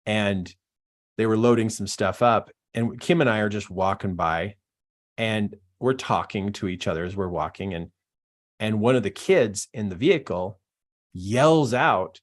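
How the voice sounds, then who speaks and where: A man's voice: mid-range voice, expressive, moderate pace. A middle-aged man, a business coach, talking in a live-streamed Q&A, emphatic and fond of repeating phrases for effect.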